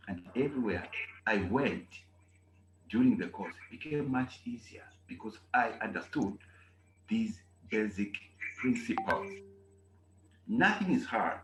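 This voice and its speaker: A man gives a German lesson, his voice swinging widely up and down as he repeats key points. He acts out little scenes for the students. The sound is roomy and echoey, with a faint hiss underneath. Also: mid-range voice. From Zambia. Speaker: German teacher. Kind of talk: online class lecture. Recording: echoey room with faint noise.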